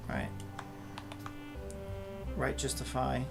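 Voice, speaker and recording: Gravelly exasperated creator muttering at a computer. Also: medium pitch, lively intonation, unhurried, over loud music. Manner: muttering and swearing at software, exasperated. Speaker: content creator. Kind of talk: casual commentary while working on screen.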